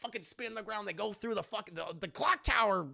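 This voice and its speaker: Young male streamer, animated, high and gravelly voice, swears a lot. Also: fast. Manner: animated, profane, acts out scenes in voices. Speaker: streamer and film reviewer. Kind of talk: casual chat.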